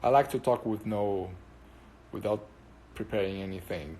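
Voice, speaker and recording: A man's voice: lowish voice, normal speed, a little mellow, a little hiss or hum. Brazilian-accented man chatting casually. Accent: Brazilian Portuguese. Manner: rambling, switches languages, answers viewer comments. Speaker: livestream host answering chat. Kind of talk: casual chat.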